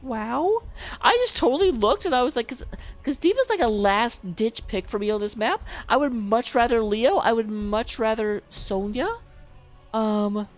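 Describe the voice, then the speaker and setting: A woman's voice: a little high, measured pace, soft background music. A woman casting a live online video game match, chatty and self-mocking, laughing easily between plays. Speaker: esports caster.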